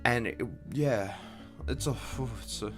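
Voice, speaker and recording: A man's voice: medium pitch, takes it slowly, fairly bright tone, faint music behind. A young man at his home computer giving a casual movie review, rambling and profane, with many restarts.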